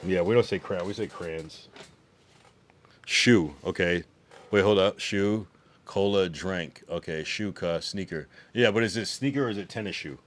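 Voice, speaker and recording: A man's voice: deep voice, a little slow. A man livestreaming, chatting loosely with slang and swearing while reading viewers' messages aloud. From United States. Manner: loose, slangy and profane, reacts to chat messages.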